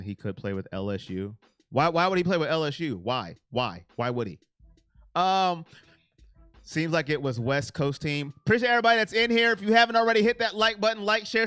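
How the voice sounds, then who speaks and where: A man hosting a casual live stream on sports, answering his viewers' chat by name in an animated, self-confessed emotional way. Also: high-pitched, smooth, no room sound.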